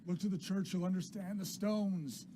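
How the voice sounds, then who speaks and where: A man's voice: sits high, fairly even intonation, normal speed, voice pushed up, lightly acted. A man voicing a rambling drunk local man around forty, pleading in a frightened, agitated, broken way. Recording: loud background hiss.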